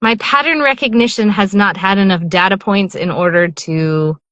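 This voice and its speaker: A middle-aged woman talks casually as a guest, rambling through thoughts with plenty of fillers and restarts. Her voice sits at an ordinary pitch and sounds close and dry, with no room around it. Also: normal speed, fairly bright tone, no echo, lo-fi sound. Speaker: audiobook narrator guest. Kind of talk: casual interview chat.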